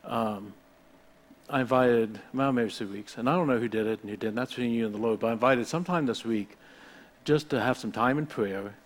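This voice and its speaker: Guy pastor talking through a psalm, chatty and loose, lots of restarts, slows way down on the verses. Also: mid-range voice, darkish tone. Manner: conversational, rambling with restarts, reads scripture slowly. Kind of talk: informal sermon.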